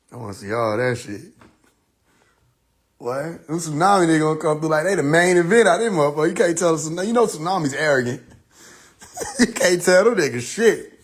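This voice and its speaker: A man hosting a casual live stream, riffing loudly with profanity and frequent laughter. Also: fairly high pitch, expressive, normal speed, long pauses. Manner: loud joking rant, heavy profanity, laughing often. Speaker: livestream host. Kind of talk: casual livestream chat.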